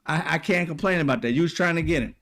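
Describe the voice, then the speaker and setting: A man's voice: fairly high pitch, fast talker, a bit bright. A man, a commentary channel host, giving a blunt, profane, heated opinion rant straight to the camera. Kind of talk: ranting opinion monologue.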